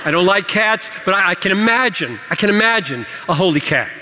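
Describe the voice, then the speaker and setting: A man preaching and answering questions in a church teaching session, animated and playful, laughing at his own jokes. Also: high voice, a little fast, heavy background noise. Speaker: pastor. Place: church hall. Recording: church hall reverb.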